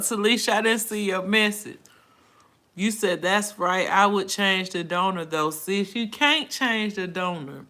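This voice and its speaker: Grown woman live on her phone chatting w viewers, outspoken and emotional, bright edge to her voice. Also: mid-range voice, measured pace. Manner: chatty, reads viewer comments aloud and answers them. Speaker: live stream host. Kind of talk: casual live chat with viewers.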